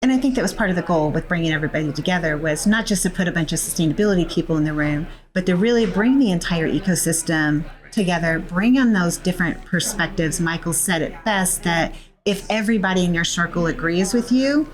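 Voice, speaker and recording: A woman's voice: lowish voice, expressive. Upbeat woman hosting an interview. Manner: upbeat, quick affirmations. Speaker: interview host. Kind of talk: casual interview chat.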